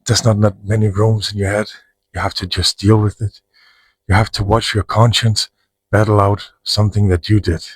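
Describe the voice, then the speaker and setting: A man's voice: fairly low pitch, level tone, normal speed, breathy edge, dry recording, rough recording. A man talking frankly about his own life in a rambling, profane monologue with frequent restarts. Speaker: vlogger. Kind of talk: personal monologue to camera.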